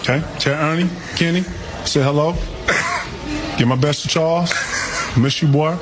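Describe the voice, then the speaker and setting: A man's voice: a little high, fairly even intonation, moderate pace, over loud music. A man on a TV broadcast, teasingly and insistently ribbing a co-host on air. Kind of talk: on-air banter. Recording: noisy broadcast audio.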